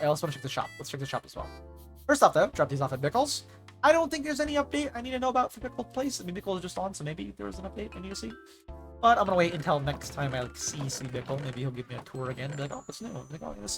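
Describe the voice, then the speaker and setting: A young man streaming a game, chatting casually and rambling, often saying "like" and ranting when annoyed. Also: on the high side. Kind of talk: casual live-stream chat while gaming.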